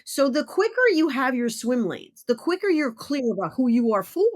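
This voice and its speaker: A middle-aged woman with a high, sing-song voice hosts a podcast interview at a moderate pace, with no echo. Her casual chat is blunt and emphatic, with some swearing.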